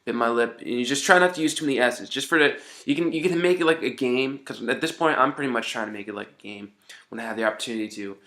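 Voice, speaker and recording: Man, casual advice, rambling, mid-pitched voice, songwriting tips. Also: fast, pushed and bright. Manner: rambling, keeps saying "you know what I mean".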